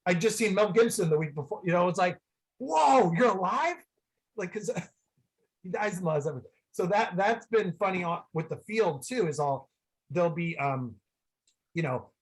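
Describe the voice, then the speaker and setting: A man from the San Francisco Bay Area, a guest on a video call, telling rambling, excitable stories full of "like" fillers. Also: on the high side. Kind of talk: casual storytelling.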